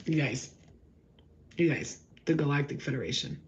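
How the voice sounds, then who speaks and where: An excited woman rambles through a live tarot reading. She swears freely and acts out her stories as she talks. The livestream audio sounds a little muffled, with a faint hiss underneath. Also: sits low, moderate pace. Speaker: spiritual tarot reader.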